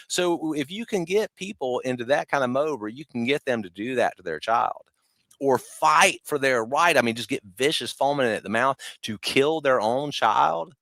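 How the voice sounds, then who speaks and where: A man in his fifties, a podcast guest talking in an animated, emphatic way with mocking asides. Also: mid-range voice, moderate pace, no echo. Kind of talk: casual conversation.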